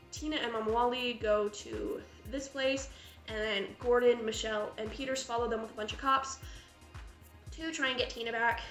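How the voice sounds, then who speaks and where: A woman gushes through a casual horror film review, chatty and full of fillers. Her voice is bright and a little high. The room echoes, and soft music plays underneath. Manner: gushing, chatty, lots of fillers.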